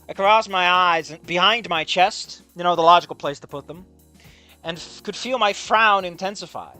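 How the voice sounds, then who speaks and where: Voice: mid-range voice, normal speed, bright, forceful tone, faint music behind. A streamer reading through a game and ranting about its writing in a profane, exasperated way. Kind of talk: game playthrough commentary.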